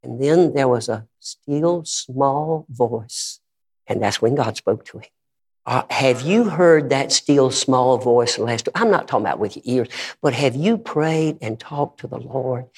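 Fervent preacher man, echoing hall. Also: fairly high pitch. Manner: fervent, bursts into shouted praise, repeats emphatic questions. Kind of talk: revival sermon. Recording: long reverb of a large hall.

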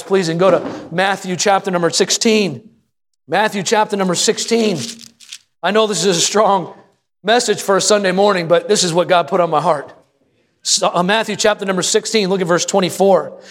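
A man pastor preaching a sermon at a church service, building to shouted emphasis and asking the congregation call-and-response questions. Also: sits high.

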